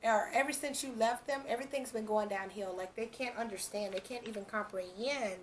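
This time the tarot reader sounds brisk and on the high side as she chats through a relaxed reading. Laughter keeps bubbling up, and she voices made-up lines of what people might say.

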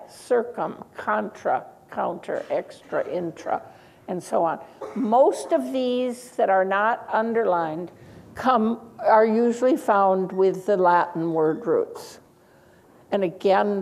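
Slow-talking older woman lecturing teachers. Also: mid-range voice, darkish tone, poor audio. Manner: slow, chatty, with asides and laughs. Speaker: lecturer on reading instruction.

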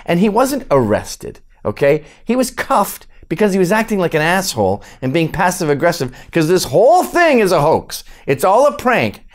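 A man's voice: high-pitched, wildly swooping pitch, moderate pace, hardly any pauses. A man delivering a mocking, sarcastic political rant full of profanity. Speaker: political commentator.

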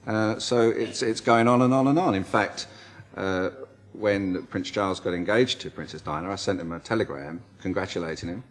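English male photographer guest, lowish voice, cheerful and plain-spoken. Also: moderate pace. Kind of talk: TV chat show interview.

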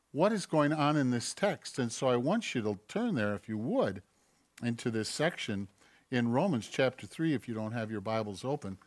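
A man preaching a sermon as pastor in a church, animated, firing rhetorical questions and acting out voices. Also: medium pitch. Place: church sanctuary.

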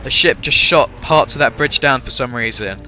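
This young English gamer, recording a let's-play over game music, speaks at normal speed in a medium-pitched, sharp-toned voice with his English accent. He has a slight cough and rambles chattily, full of fillers and self-deprecating remarks.

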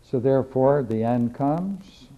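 A man's voice: medium pitch, expressive, slow, dark tone. A man teaching a philosophy class, lecturing emphatically and repeating key phrases as he reads and discusses scripture. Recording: dull lo-fi videotape recording.

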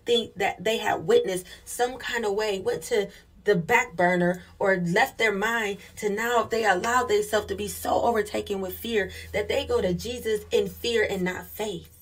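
Female preacher, husky tone, fervent sermon delivery with call-outs to the congregation. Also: medium pitch, steady tone, normal speed.

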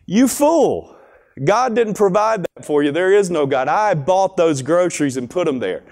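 A man voicing a scoffing atheist neighbor who taunts a woman for praying, in a raised, louder voice. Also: fairly high pitch, steady tone, a little slow, lightly acted. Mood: mocking. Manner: mocking, taunting.

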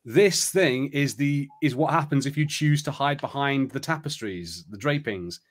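A man's voice: mid-range voice, moderate pace. A man hosting a live play-along stream, chatty and rambling, reading an adventure book aloud. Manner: chatty, rambling, many fillers.

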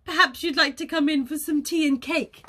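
A woman's voice: high voice, steady tone, moderate pace, a bit bright. A woman voicing a polite, cheerful female goose in a children's storybook, with a sweet, prim, sing-song manner. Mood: polite, puzzled.

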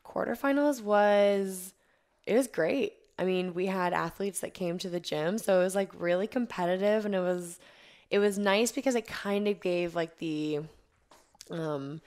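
A woman's voice: medium pitch, measured pace. A young woman, a guest on a podcast, telling stories in casual chat full of "like" and acting out her own past lines. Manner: animated storyteller who acts out her own quotes, many fillers. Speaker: podcast guest, competitive athlete.

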